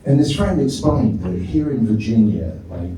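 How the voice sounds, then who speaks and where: A man's voice: medium pitch, expressive, moderate pace, warm tone, slight background noise. A middle-aged man doing a rambling, self-mocking stand-up set, often laughing at his own jokes. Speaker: stand-up comedian. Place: comedy club stage. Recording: echoey club from far off with crowd.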